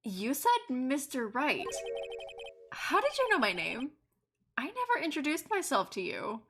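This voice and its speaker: A woman voicing an earnest young male defense attorney in a game, dropping her voice low. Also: huge pitch swings, a little slow, noisy background, heavily acted. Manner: earnest, probing.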